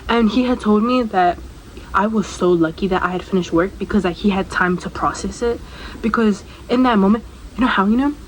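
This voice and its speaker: Young woman, storytime vlog, chatty and rambling, asides to the viewer, mid-pitched voice, faint background hiss. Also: brisk, low-quality recording. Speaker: storytime vlogger. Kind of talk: casual storytime chat.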